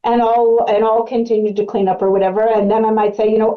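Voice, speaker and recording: A woman's voice: on the high side, level tone, fast talker. Woman explaining over a muffled webcast. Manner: conversational and explanatory, with frequent fillers. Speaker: autism clinical specialist presenting. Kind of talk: educational webcast presentation.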